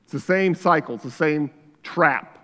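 A man preaching a sermon as pastor, shifting between quiet reflection and loud fervor, recorded in a church sanctuary. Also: a little high, moderate pace. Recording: church hall reverb.

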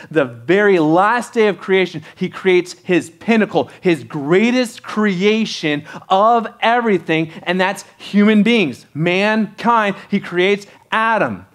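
A man preaching a sermon as pastor, talking conversationally and asking the congregation rhetorical questions. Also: sits high. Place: church sanctuary.

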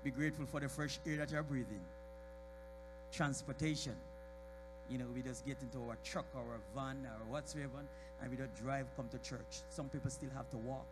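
A man in a church preaching a sermon. His voice rises from quiet talk to shouted high points, and he calls out members of the congregation by name. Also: steady tone, moderate pace, music in the background. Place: church sanctuary.

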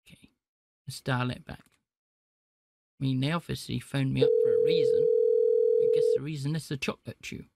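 A man's voice: mid-range voice, fairly even intonation, normal speed, creaky, pauses often, heavy background noise. A man hosting a live stream where he calls phone scammers, teasing them with sarcastic, mock-gullible banter. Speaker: livestream host calling phone scammers.

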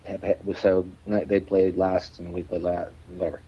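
A man's voice: low-pitched, flat delivery, normal speed, breathy edge, muffled recording. A male musician guest telling a rambling story in a podcast interview, with plenty of restarts and fillers.

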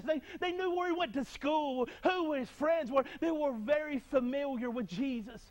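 A man's voice: very high-pitched, moderate pace. A man preaching a sermon to his congregation, fervent and repetitive, restarting his phrases as he builds his point.

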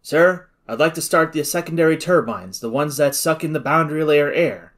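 A man's voice: on the high side, moderate pace, fairly bright tone, natural voice. A man reading aloud, voicing a commanding male officer who gives orders in an urgent, clipped way.

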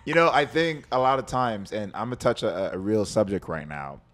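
Podcast guest: low-voiced man from New York, reflective and easygoing, mimics people in anecdotes. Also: animated, normal speed, fairly bright tone. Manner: laid-back, reflective, acts out voices in stories. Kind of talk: casual chat.

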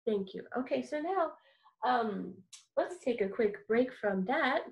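A woman's voice: fairly high pitch, lively intonation, measured pace, vocal fry, highs cut off. A woman teaching an online kindergarten music lesson, upbeat and encouraging, leading call-and-response.

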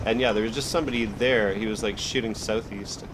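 A man with a Canadian accent chatting casually on squad voice chat during a game, relaxed and swearing often. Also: fairly low pitch, fairly quick, noisy background. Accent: Canadian English. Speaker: gamer recording gameplay.

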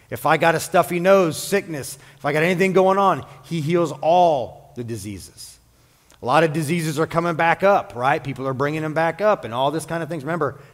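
Animated, joking man preaching in a hall. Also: on the high side. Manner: jokey, animated preaching with playful asides. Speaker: pastor. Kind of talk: sermon. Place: church sanctuary.

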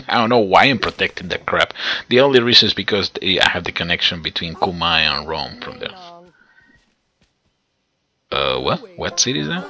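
A man giving excitable let's play commentary on a strategy game, talking straight to his viewers and chuckling often. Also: low-pitched. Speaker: gameplay commentator.

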